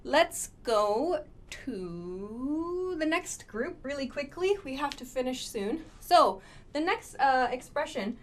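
A woman teaching spoken English phrases, modeling each one clearly and patiently and explaining it step by step. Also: sits high, lively intonation, takes it slowly.

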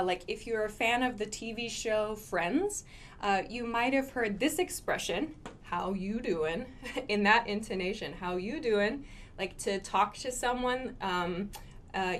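A woman's voice: mid-range voice, fairly bright tone, slight background noise. A woman teaching English in a cheerful live-streamed lesson, laughing often and talking to her viewers.

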